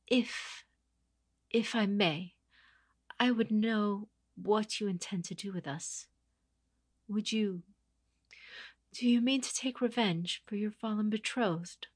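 A woman's voice: medium pitch, slow, long pauses, no room sound, pitched above the performer's own voice. A woman voicing a frightened noble lady who speaks hesitantly, her voice wavering. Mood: fearful. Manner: hesitant, trembling.

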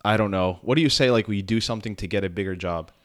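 A man's voice: lowish voice, quick pace. A man hosting a podcast, talking casually and rambling with many fillers. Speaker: podcast host.

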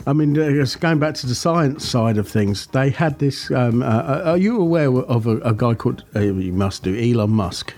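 A man hosting a podcast in casual chat, hesitant with lots of ums, slightly husky. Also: mid-range voice, lively intonation, moderate pace, hardly any pauses, a little mellow. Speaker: podcast host.

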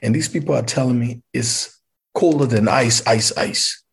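Gravelly, husky man storytelling. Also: mid-range voice, normal speed. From Liberia. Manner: animated, acts out dialogue. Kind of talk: personal storytelling.

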